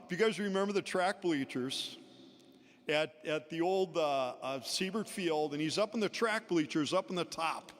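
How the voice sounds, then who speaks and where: A man's voice: on the high side, moderate pace, a bit bright. A man giving a storytelling eulogy at a memorial service, chuckling between anecdotes. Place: large indoor pavilion. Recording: long hall reverb in a large venue.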